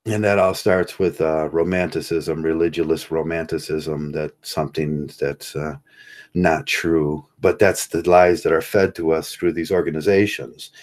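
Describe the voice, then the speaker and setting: A man with a bass voice rants through a casual monologue vlog at a measured pace and with flat delivery. He's sarcastic and rambling, often chuckling and restarting his sentences.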